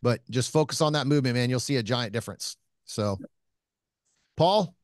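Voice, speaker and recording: A man hosting a casual podcast and giving shooting advice in a relaxed coaching tone. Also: medium pitch, moderate pace, no room sound, clean studio sound.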